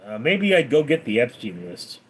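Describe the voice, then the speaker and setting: A man hosting a livestream, reading viewers' names and questions in a raised voice, then answering them flatly. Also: moderate pace, slightly rough. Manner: reads donor names and questions aloud in a lively raised voice, then answers flat and low. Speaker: livestream host reading chat. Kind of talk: casual livestream Q&A.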